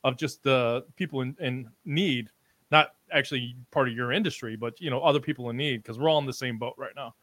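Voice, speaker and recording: A man hosting a casual live-stream interview, talking in halting bursts with frequent ums and restarts while he reads out viewer comments. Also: medium pitch, fairly bright tone. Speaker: livestream interview host.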